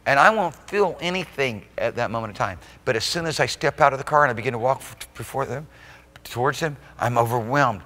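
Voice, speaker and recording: A man preaching a sermon as pastor at a live church service. He swings between loud, emphatic exclamations and soft, intimate asides, often checking in with the congregation. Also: medium pitch, lively intonation, fairly quick, long reverb tail. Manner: rhetorical check-ins with the congregation.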